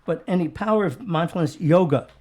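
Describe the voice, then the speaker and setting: An older man with a northern US accent chats loosely on a small talk show. His voice sits a touch high but sounds dark and mellow, and he wanders through his stories with frequent chuckles and hesitations. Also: a little fast. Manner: rambling, chuckles often, trails off with ums. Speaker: co-host. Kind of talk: casual chat on a local talk show.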